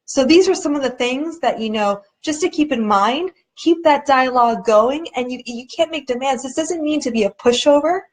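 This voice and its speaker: A woman's voice: normal speed, hardly any pauses. A woman hosting a casual live video chat, talking earnestly and conversationally, often acting out what other people said and sometimes restarting as she searches for words. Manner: earnest, conversational, acts out quoted people with shifting pitch.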